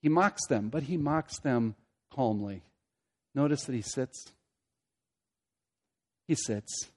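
A man preaching an expository sermon, swinging from loud emphatic peaks to hushed low asides, using rhetorical questions and repeated phrases for emphasis. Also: expressive, takes it slowly, long pauses.

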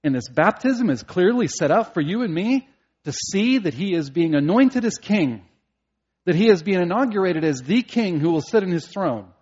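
A man preaching a sermon as a pastor, earnest, at times rising to emphatic preaching and at times dropping quiet. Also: high voice, big pitch swings, moderate pace, husky, lo-fi sound.

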